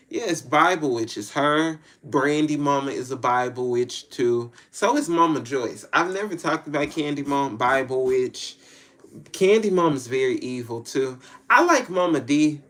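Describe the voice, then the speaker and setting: A man's voice: mid-range voice, a bit bright. A man with a Southern US accent who works as a spiritual reader, talking in a blunt, slangy, profane and rambling way, often repeating himself. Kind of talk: casual rambling monologue.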